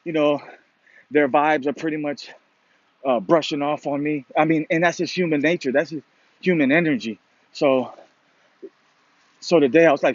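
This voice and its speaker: Rambling man with a slightly high voice. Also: steady tone, measured pace, long pauses, no echo. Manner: rambling, fillers like "you know" and "pretty much", casual swearing. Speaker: motivational vlogger. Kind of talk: casual spoken monologue. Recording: dull lo-fi sound.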